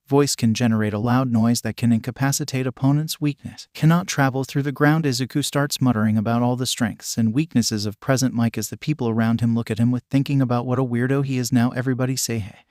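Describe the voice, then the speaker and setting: A man narrating a fan fiction story with a steady, plain reading. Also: medium pitch, no echo, clean studio sound.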